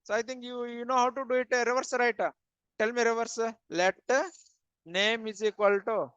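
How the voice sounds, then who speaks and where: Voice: mid-range voice, level tone, normal speed, a bit bright, smooth. A programming instructor walks a class through coding exercises, putting questions to the students and then answering them. The speech is plain and repetitive, with many "uh" fillers and "okay" after each point. The recording is dull and lo-fi, with a dry sound and no room echo.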